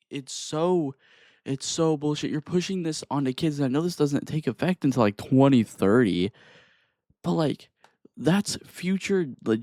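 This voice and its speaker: A man's voice: fairly high pitch, darkish tone, no echo. Young man, profane exasperated rant, dry close mic. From Texas. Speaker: vlogger. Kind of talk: angry rant to camera.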